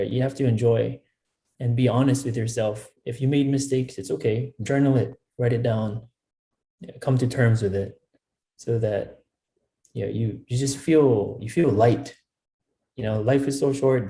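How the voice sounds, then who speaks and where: A man's voice: medium pitch, warm tone. A man guesting on a podcast, giving earnest advice and often repeating himself with "you know" asides. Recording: echoey room.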